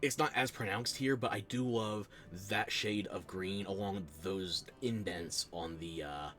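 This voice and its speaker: A man's voice: fairly low pitch, a little slow, fairly bright tone, soft background music. A man chatting casually with viewers while streaming a game, playful and self-deprecating, talking into a close desk microphone. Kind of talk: casual live-stream chat while playing.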